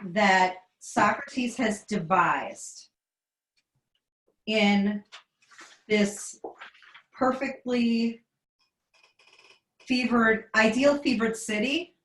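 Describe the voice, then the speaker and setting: A woman student in a class discussion, speaking in a measured way as she searches for her words. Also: on the high side, fairly bright tone, reverberant.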